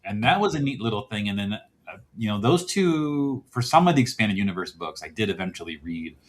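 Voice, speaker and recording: A man's voice: lowish voice, animated, a little fast. A man guesting on a podcast, chatting casually and rambling, often chuckling and poking fun at himself. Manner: rambling, chuckling, self-mocking.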